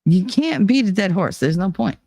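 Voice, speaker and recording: A woman's voice: mid-range voice, lively intonation, moderate pace, warm tone, breathy edge, no echo. A woman hosting a casual live stream who reads viewer chat and talks candidly and bluntly, with swearing and wry humor.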